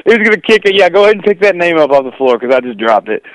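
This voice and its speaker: A man's voice: on the high side, very animated, very fast, no room sound, poor audio. A young man, a wrestler guest, telling stories in a casual interview, rambling with lots of fillers and "dude".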